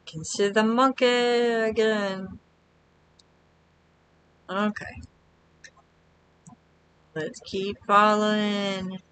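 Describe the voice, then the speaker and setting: A woman quietly commenting to herself while streaming a video game. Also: medium pitch, a little hiss or hum. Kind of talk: casual gameplay commentary.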